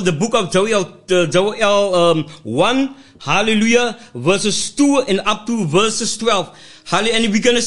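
Male radio preacher, very high voice, fervent prayer and scripture reading. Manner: fervent prayer, repeating "mighty God" and "hallelujah"; reads scripture aloud with emphatic shouts. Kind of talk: sermon.

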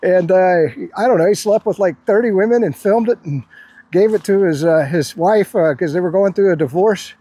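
A man's voice: high voice, normal speed, mellow, husky, no room sound. A man chatting casually to his viewers in a loose, rambling way, full of fillers and restarts. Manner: rambling, hesitant, lots of fillers. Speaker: video creator.

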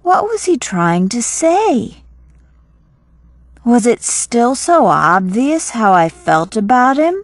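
Very slow, measured woman narrator. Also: fairly high pitch, very animated, dry recording. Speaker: audiobook narrator. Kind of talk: first-person novel narration.

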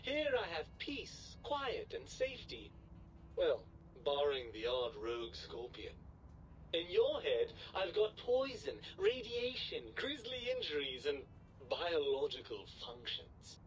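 A man's voice: fairly high pitch, wildly swooping pitch, slow pace, lo-fi sound, heavily acted. A man voicing a pompous, sarcastic disembodied brain in a jar that talks down to its owner in a video game. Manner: sarcastic, fussy and condescending.

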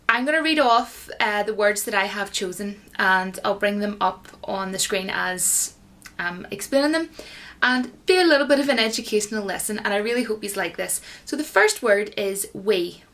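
A woman's voice: fairly high pitch, fairly bright tone. A young woman with an Irish accent, chatting casually as she explains slang to her viewers, giggling and rambling. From Ireland. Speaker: YouTuber.

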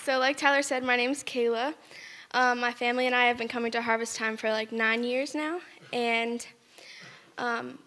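A woman's voice: fairly high pitch, fairly bright tone. Teen girl, personal testimony, earnest and plain, long hall reverb. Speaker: student giving a testimony.

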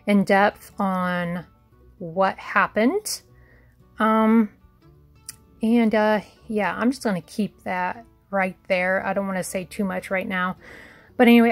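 A woman's voice: medium pitch, no echo. A woman from Indiana, chatting casually to viewers as a vlogger and telling a story in a folksy way. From Indiana, USA. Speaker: shopping haul vlogger. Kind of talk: casual vlog chat and story time.

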